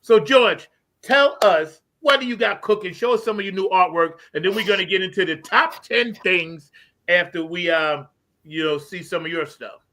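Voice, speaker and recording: Bright-voiced New York man hosting. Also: high voice, moderate pace. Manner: loose, swears freely, enthusiastic. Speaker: host. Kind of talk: casual chat.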